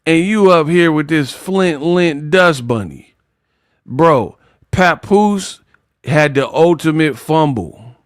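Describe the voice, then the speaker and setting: A man's voice: fairly high pitch, expressive, slow pace, no echo, studio quality. Slangy mocking boxing commentator man.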